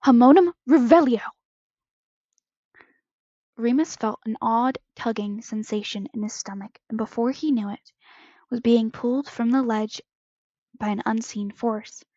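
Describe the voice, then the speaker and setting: A woman's voice: on the high side, fairly even intonation, normal speed, warm tone, no echo, dull audio. Woman reading fan fiction, trips over words. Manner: unpolished reading with stumbles and self-corrections. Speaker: podfic reader.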